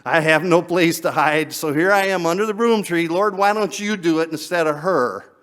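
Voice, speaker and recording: A man voicing a weary male prophet who begs to die, in a halting, stammering lament. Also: a little high, fairly bright tone, close to an everyday voice. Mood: despairing.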